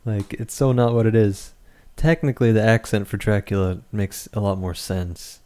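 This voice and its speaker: A man chatting on a book club podcast in a loose, joking way, with swearing tossed in. His voice sits low and warm. He sounds relaxed and easygoing. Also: normal speed. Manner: laid-back, swears freely, jokey asides. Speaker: podcast co-host. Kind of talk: casual book club chat.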